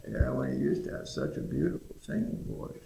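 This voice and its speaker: A man's voice: mid-range voice, wildly swooping pitch, a little fast, vocal fry, warm tone. A man telling an old animal folktale in a folksy, rambling way, recorded in an echoey room. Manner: folksy, rambling, frequent "you know". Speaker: storyteller.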